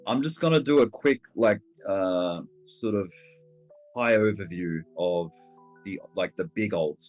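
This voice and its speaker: A man with a very low voice runs a loose, slangy market chat, thinking out loud as he goes. His audio is thin and phone-like, with a soft bed of music playing under it. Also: measured pace. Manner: laid-back, slangy, thinking aloud over charts. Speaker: host. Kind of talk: casual crypto market commentary.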